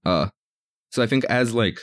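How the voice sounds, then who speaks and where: A man's voice: medium pitch, moderate pace, dry recording, clean studio sound. A man talking casually as a player in a tabletop game, easygoing and a little hesitant.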